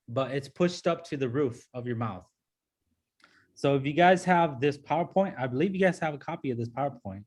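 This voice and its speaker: A man's voice: mid-range voice, darkish tone. A man teaching a pronunciation lesson to a class. He patiently repeats sounds and keeps checking in with "okay?" and "right?". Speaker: language teacher.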